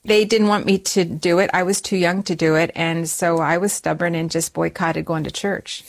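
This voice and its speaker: A middle-aged woman telling a personal story in an interview, animated and often restarting her words, jumping higher when she quotes herself. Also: normal speed, creaky. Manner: animated, rises high when quoting herself; frequent restarts and repeated words.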